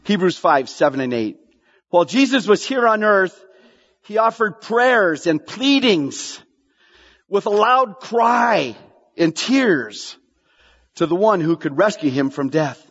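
A male pastor preaching with a high, lively voice that swings widely as he presses questions on the congregation. The sound is dull and lo-fi, with a long reverb trailing off the church walls. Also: slow pace, breathy edge. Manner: animated preaching, repeats lines for emphasis, asks the congregation questions. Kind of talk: sermon.

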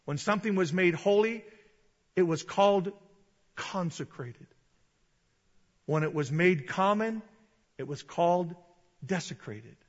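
A man preaching a sermon in an animated way, acting out voices and rising to loud shouted peaks. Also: sits high, unhurried, pauses often, long reverb tail, highs cut off.

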